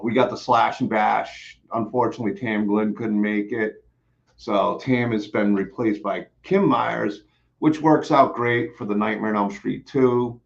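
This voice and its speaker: Low-ish and creaky, this man's voice carries his live stream as he rambles casually, slightly breathless. He repeats himself, restarts often and leans heavily on fillers, and the lo-fi stream audio sounds a little dull.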